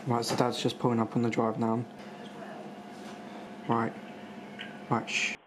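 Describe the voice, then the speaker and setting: A young man hosts a casual family vlog, rambling along with restarts and fillers. His medium-pitched voice stays monotone and unhurried, and the echoey room carries faint noise.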